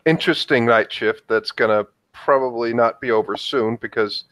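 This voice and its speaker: A man's voice: medium pitch, normal speed, a bit bright, no room sound. A man playing a tabletop role-playing game, describing his character's actions in a hesitant way with many fillers and restarts. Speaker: player.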